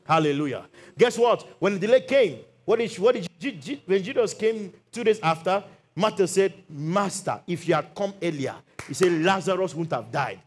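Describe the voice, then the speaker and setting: A man's voice: sits high, normal speed, breathy edge. A male pastor preaching a sermon, telling Bible stories with acted-out quotes and calls for amen. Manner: animated storytelling, acts out Bible quotes.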